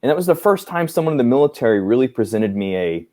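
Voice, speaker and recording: A man in his forties, a guest on a podcast, telling lively stories about his army career and acting out the people he quotes, with many fillers. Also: mid-range voice, quick pace. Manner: animated, acts out quoted dialogue, many fillers. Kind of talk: casual storytelling interview.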